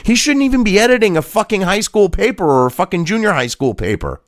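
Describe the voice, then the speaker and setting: A man's voice: sits high, sing-song, quick pace, dry recording, studio quality. A man, hosting a profane rant reacting to a news article, angry and mocking and swearing constantly. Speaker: political commentary host.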